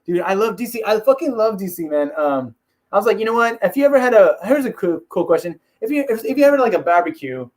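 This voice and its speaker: Male host, casual rambling fight talk, a bit high-pitched, laughs a lot, slips into impressions. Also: animated, fast talker. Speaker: MMA video host.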